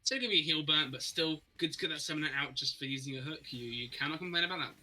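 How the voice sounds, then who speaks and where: A man giving live play-by-play commentary on an esports match, reacting quickly and sometimes repeating words when excited. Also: a little high, rough recording. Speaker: esports caster.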